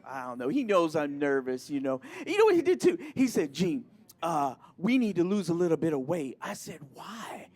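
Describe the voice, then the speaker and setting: A man from Michigan doing a live stand-up set, flamboyant and self-mocking, jumping between squeaky bits and mumbled asides. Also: very animated, fairly quick, darkish tone. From Michigan, USA. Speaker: stand-up comedian.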